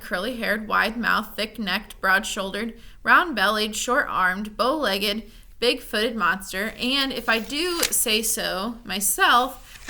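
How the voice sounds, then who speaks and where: A woman's voice: on the high side, pushed and bright. A woman voicing a male monster who gleefully gives bad advice, cold and mocking.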